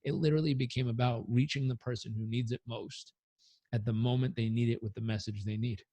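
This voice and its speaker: An earnest, energetic man speaks as a coach in an interview, his voice sitting at a middle pitch. The recording is close and dry, with no room sound. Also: a little fast, no echo. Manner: earnest, energetic, leads breathing exercise aloud. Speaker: performance coach guest. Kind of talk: podcast interview answers.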